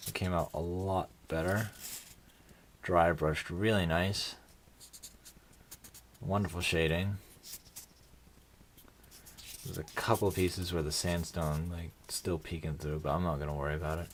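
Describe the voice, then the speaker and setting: Tired, rambling man with a deep voice. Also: fairly even intonation, a little slow, long pauses, a little hiss or hum. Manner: rambling, self-deprecating, offhand. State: tired, yawning. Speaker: hobby video maker. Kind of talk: casual crafting tutorial.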